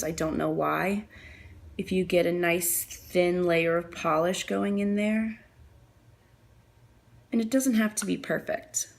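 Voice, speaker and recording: Woman host of a nail art tutorial, low and gravelly, casual and chatty, recorded on the camera mic. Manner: chatty, apologetic, thinking aloud with fillers.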